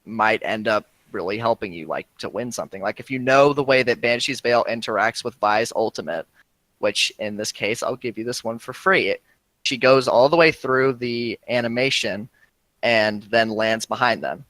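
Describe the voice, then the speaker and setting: A man's voice: medium pitch, normal speed, a bit bright, no echo, rough recording. A man co-hosting a casual gaming podcast, explaining game details and teasing his co-host.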